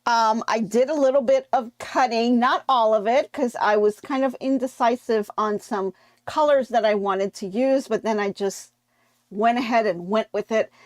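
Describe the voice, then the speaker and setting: A woman's voice: fairly high pitch, normal speed, dry recording. Chatty woman hosting a quilting stream. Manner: chatty, reads and answers viewer comments; relaxed with frequent fillers. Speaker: quilting show host. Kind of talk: live-stream sewing tutorial.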